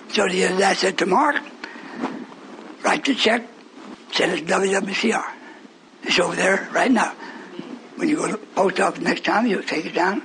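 An older man preaching a rambling, folksy sermon to his congregation, dropping to mutters and then rising to shouts. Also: sits high, slight background noise, rough recording.

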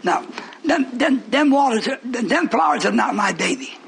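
Older male preacher, high voice, faint hiss behind him. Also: lively intonation, normal speed, vocal fry, low-quality recording. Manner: folksy, swings from mutters to shouting. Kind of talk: rambling sermon to a congregation.

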